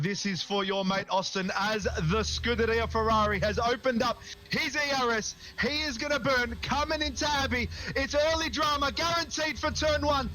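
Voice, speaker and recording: A man commentating a sim race lap in a high, bright, cutting voice. He piles on the drama with every corner and turns the call into a hype-filled tribute. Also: rough recording.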